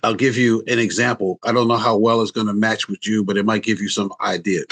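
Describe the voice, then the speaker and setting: In a casual interview, a man in his sixties who works as a relationship coach shares family stories, animatedly acting out quotes in a raised voice. He has a lowish voice and talks a little fast.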